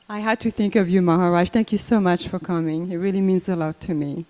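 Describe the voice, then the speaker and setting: An older woman giving a personal memorial talk, unhurried and conversational, with many fillers and restarts. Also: on the low side, fairly even intonation, dark tone. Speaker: memorial speaker. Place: temple hall. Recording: echoey hall reverb.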